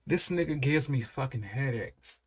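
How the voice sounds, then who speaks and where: A man in his thirties giving casual reaction commentary, animated and profane, laughing often and drawing out his exclamations. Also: mid-range voice, moderate pace, breathy edge. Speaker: reaction video host.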